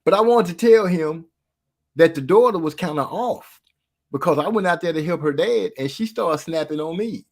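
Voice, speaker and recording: A man telling a story in casual podcast chat, slangy and animated, often laughing between lines. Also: on the high side, moderate pace.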